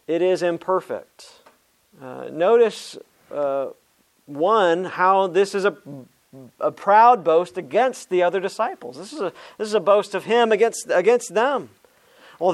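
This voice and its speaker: A man preaching a sermon as a pastor, earnest and direct, calling his listeners friends. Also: high voice. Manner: earnest, addresses listeners as friends, some restarts.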